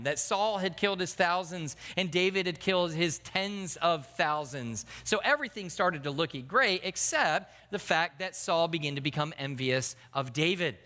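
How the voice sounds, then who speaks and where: A man preaching a sermon, earnest and slowing down to stress key points. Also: a little high, sharp tone, big-room sound. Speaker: pastor.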